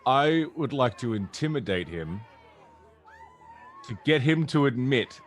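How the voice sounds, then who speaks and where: A man at a tabletop game who talks in a blunt, brash way, his pitch swinging widely as he speaks. He laughs between his lines. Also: very animated, a little slow, some chatter behind. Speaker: player. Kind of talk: casual tabletop play.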